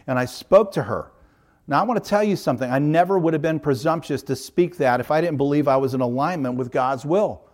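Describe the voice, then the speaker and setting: A man's voice: a little high, fairly quick, darkish tone. A middle-aged man, a pastor, preaching a sermon in an earnest, emphatic way, stacking up repeated parallel phrases.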